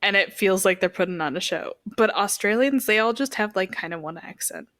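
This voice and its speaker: A young woman co-hosting a casual podcast chat, telling stories and breaking into quick bursts of laughter. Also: medium pitch, expressive, a bit bright, dry recording, clean studio sound. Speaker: podcast co-host.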